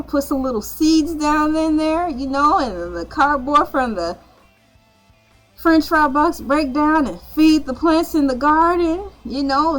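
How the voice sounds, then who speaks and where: A woman's voice: high-pitched, a bit bright. A woman hosting her vlog, rambling and joking in a playful casual monologue. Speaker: vlog host.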